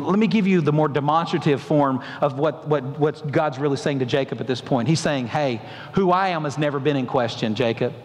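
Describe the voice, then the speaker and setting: A male pastor preaching a sermon, asking the congregation emphatic questions and acting out the voices in a story. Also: on the high side. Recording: long hall reverb.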